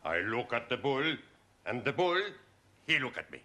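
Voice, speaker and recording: A man's voice: mid-range voice, sing-song, normal speed, noisy background, close to an everyday voice. An actor playing a boastful Spanish male student telling jokes on stage in broken English, with a Spanish accent. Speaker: student performer.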